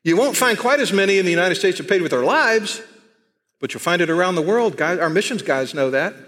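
A middle-aged man with a Texan accent preaching a sermon to his church, emphatic and repeating key phrases, slowing down to stress his points. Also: high voice, expressive, fairly bright tone, in a large hall. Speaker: pastor. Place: church sanctuary.

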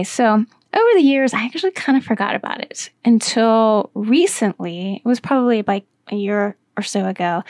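A woman's voice: on the high side, a little mellow, dry recording, studio quality. A middle-aged woman hosting a podcast, telling a personal story and explaining in a chatty, casual way with plenty of fillers. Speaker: podcast host.

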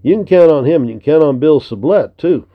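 A man's voice: on the high side, lively intonation, a little fast, voice pushed up. A man reading the part of a good-natured fur trapper in a storybook, supportive and easygoing. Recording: tinny narrow lo-fi recording.

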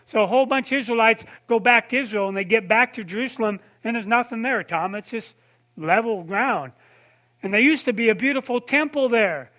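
A man delivers a sermon in a chatty, storytelling way, calling on listeners and asking them questions. His voice sits very high and sounds bright and forceful. At tender moments he drops to a soft, low tone. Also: a little fast. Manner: conversational preaching, addresses listeners by name, asks questions. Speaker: pastor.

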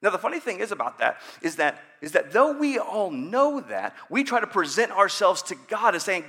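A man's voice: sits high, very animated, moderate pace, few pauses, fairly bright tone, slightly rough. A man in his thirties preaching a sermon in a conversational, joking way, acting out prayers. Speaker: pastor.

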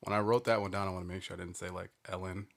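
A man's voice: deep voice, fairly even intonation, very fast. A man co-hosting a podcast, telling jokes in a loose, laughing, casual chat. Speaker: podcast co-host.

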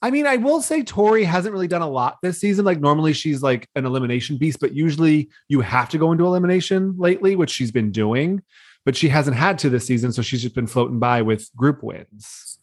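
A young man with a slightly high voice chats through a reality-show recap. He laughs often and acts out what people said. The recording is close and dry. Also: brisk, no echo. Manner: chatty, laughs often, acts out quoted lines. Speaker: podcast co-host. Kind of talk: casual chat recapping reality TV.

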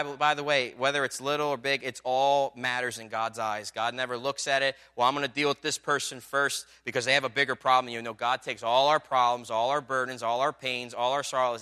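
Male pastor, bright and crisp; chatty sermon storytelling that swells into emphatic points. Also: mid-range voice. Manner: conversational storytelling with many fillers, building to emphatic climaxes.

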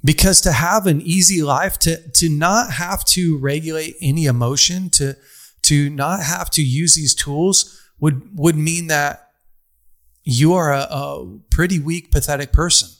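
In an unhurried, fairly high voice with a fairly bright tone, a young man gives a conversational motivational sermon to his audience. He leans on casual fillers and strings phrases into long, repetitive lists.

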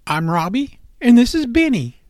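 A man's voice: sits high, very animated, fast talker, dark tone, no echo, clean studio sound, pitched above the performer's own voice. A man doing Robbie, a cheerful eager rabbit. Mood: reassuring. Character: cheerful friendly male rabbit.

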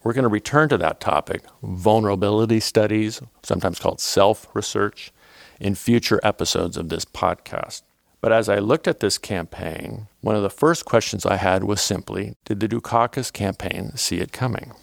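Low gravelly male podcast narrator. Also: dry recording, studio quality. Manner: measured, documentary narration. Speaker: podcast host. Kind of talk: scripted narration.

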